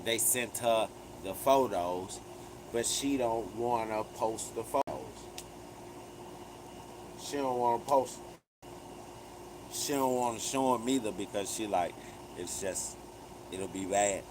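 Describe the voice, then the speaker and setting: A man hosts a live commentary stream. He talks slowly in a low voice, retelling events with emphatic, profane street slang. A steady air-conditioning hum and noise sit clearly behind him. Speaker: livestream commentary host.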